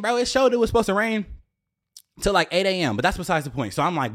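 A young man telling a story to his viewers in a casual, profane, animated way, often jumping up into a high exclaiming voice. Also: fast talker. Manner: profane, slangy, addresses viewers directly.

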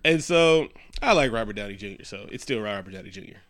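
A man in casual podcast chat, retelling a movie in a lively, profane way and acting out characters' lines. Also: on the low side, quick pace. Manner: animated, profane retelling with quoted character lines and frequent laughs. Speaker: podcast co-host.

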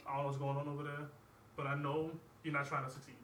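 Guy on a sports podcast, bright sharp voice, kinda far off in an echoey room. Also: a little high, completely flat delivery, quick pace, a little hiss or hum. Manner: argumentative, stumbling restarts. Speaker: podcast co-host. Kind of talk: casual sports podcast banter. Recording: roomy and distant.

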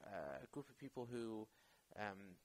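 A man's voice: lowish voice, big pitch swings, a little slow, low-quality recording. A man, an actor and podcast guest, talking in a casual interview in a reflective way, often searching for his words.

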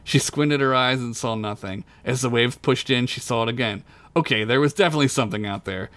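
A man's voice: medium pitch, brisk, a bit bright. A man narrating a tabletop story as game master in a crude comedic style, breaking into laughter at his own jokes.

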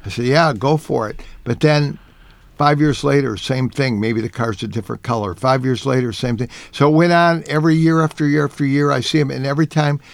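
A man's voice: medium pitch, fairly quick, creaky, dry recording. A man who works as an auto journalist, telling long, rambling anecdotes in a casual radio talk.

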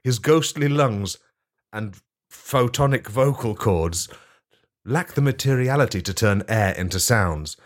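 A man narrating an absurd comedy tabletop game as game master, in a deadpan storytelling manner. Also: on the low side, measured pace.

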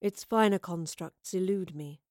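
A woman's voice: fairly low pitch, measured pace, no room sound, lightly acted. A woman voicing a mysterious soothsayer woman who talks in formal riddles with dry sarcasm, in a dry close recording. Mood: cryptic, dry. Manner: calm, riddling, formal speech.

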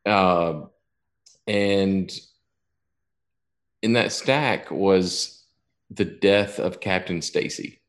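A man's voice: sits low, extremely slow, pauses often. A man in his fifties telling a long personal story in casual chat, rambling and profane, often restarting his sentences.

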